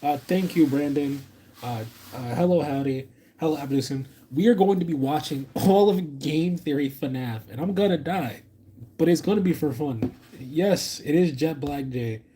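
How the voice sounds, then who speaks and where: A man streaming a reaction, rambling and excitable, talking to his chat and restarting his sentences often. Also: a little high, normal speed, a little hiss or hum. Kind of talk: live stream reaction commentary.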